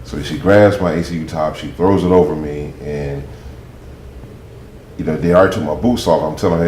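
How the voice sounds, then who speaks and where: A man's voice: a bass voice, a little fast, a little mellow. A man, a veteran guest, telling a humorous, laid-back story about being wounded. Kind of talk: casual storytelling. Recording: echoey room, faint noise.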